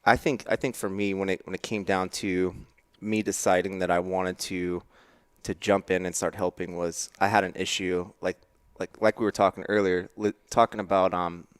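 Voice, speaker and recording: A man's voice: low-pitched, little pitch movement, normal speed, clear, resonant tone, dry recording. A man chatting casually on a podcast, telling a rambling story with frequent restarts. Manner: rambling, self-correcting storyteller. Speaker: podcast guest. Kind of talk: casual chat.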